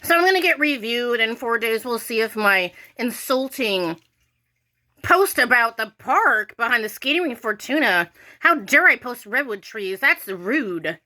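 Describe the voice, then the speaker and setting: A woman's voice: on the high side, animated, measured pace, sharp tone. An American woman ranting casually to her viewers, irritated and rambling, with lots of "like" fillers. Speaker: vlogger.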